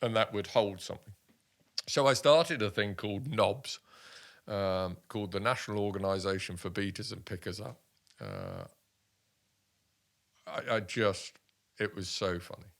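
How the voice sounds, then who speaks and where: A man in his sixties from the United Kingdom, an army veteran telling stories in an interview, animated and full of restarts. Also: lowish voice, unhurried, gravelly, pauses often. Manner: animated anecdotes with many restarts and voiced quotes. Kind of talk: casual storytelling interview.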